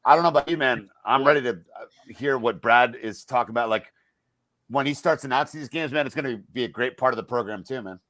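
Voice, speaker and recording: A man's voice: mid-range voice, quick pace, fairly bright tone, no room sound. A man hosting a casual chat, enthusiastic and joking.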